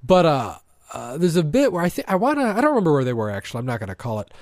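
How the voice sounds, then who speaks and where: A man's voice: fairly high pitch, wildly swooping pitch, racing, a little mellow, no room sound, clean studio sound. A man co-hosting a podcast, chatting casually in a rambling, self-deprecating way with a slight lisp. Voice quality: slightly lispy. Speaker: podcast co-host. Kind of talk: casual comedic chat.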